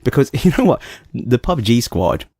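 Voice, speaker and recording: A man with a London accent co-hosting a podcast in casual chat, animated and quick to laugh. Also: mid-range voice, dry recording, clean studio sound. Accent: London English. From London, England. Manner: animated, laughs often, acts out voices. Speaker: podcast co-host.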